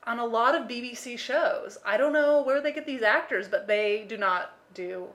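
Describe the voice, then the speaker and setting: A woman's voice: fairly high pitch, normal speed, a bit bright. Chatty American woman podcast co-host. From United States. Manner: chatty, lots of fillers, acts out quoted voices. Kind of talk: casual chat.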